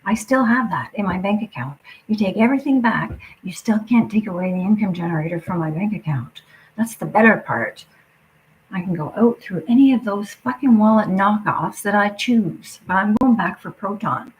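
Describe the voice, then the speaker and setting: A woman's voice: mid-range voice, animated, moderate pace, rough recording. A woman livestreaming an angry, profane rant that keeps dropping into muttered whispers. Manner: swears constantly, drops into muttered whispers.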